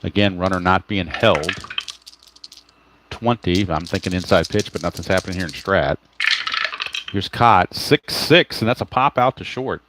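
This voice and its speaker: A man with a fairly low voice runs a tabletop baseball simulation at a moderate pace against a noisy background, reading dice results and player cards in relaxed play-by-play. He explains each roll, talks to himself, and pauses to greet live chat viewers or correct his own slips.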